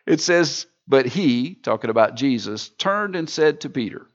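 A man as pastor, preaching a sermon with wide swings in pitch and loudness. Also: animated, a little slow, few pauses, lo-fi sound.

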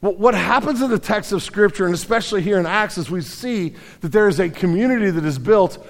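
A man's voice: high-pitched, lively intonation, a little fast. A middle-aged male pastor giving a sermon with folksy storytelling and frequent restarts. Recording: long reverb of a large hall.

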